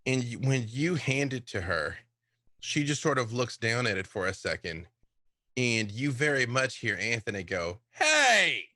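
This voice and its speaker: Man, tabletop game master, bright voice, rambling narration, dry. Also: medium pitch, animated, moderate pace, no room sound. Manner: loose, rambling.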